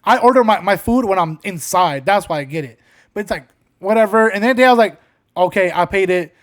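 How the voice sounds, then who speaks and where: Another young podcast co-host, his voice sitting high, speaks fairly quickly and with animation. He spins rambling stories full of profanity and performs the quotes in them.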